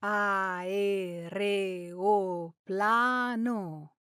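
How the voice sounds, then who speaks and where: Woman, lesson example voice, extremely slow pace, careful enunciation, mid pitch. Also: steady tone, a bit bright, clean tone. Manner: deliberate, enunciated. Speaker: example speaker in a language lesson. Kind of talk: slow, careful word demonstration.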